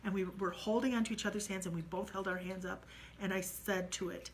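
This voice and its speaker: A woman telling a true ghost story, dramatic and moving from hushed to loud. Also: medium pitch, measured pace, rough recording.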